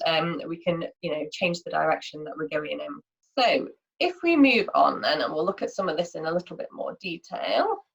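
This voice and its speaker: A workshop presenter with a lowish voice leads an informal online lunchtime lesson. She's chatty, using fillers often and restarting her sentences, and the audio is dull and lo-fi.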